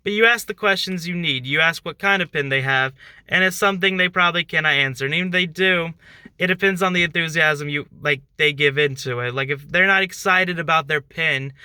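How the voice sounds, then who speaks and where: Young male channel host, casual tutorial delivery, crisp sharp tone, dead-dry close-mic sound. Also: fairly high pitch, brisk, no echo. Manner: loose and chatty, many fillers like "like" and "kinda". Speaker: channel host giving sales tips. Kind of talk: casual talk-to-camera tutorial.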